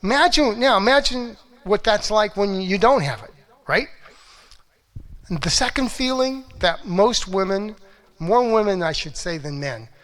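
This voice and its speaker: A middle-aged relationship coach gives a motivational talk, acting out quotes in animated stories and swinging from hushed to loud. His voice is high and his pace measured.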